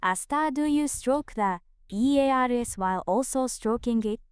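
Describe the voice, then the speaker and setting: High synthetic female chat-reading voice. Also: normal speed, smooth, dry recording, studio quality. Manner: even, reads out typed messages word for word, spelling some letter by letter. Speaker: text-to-speech voice reading chat messages.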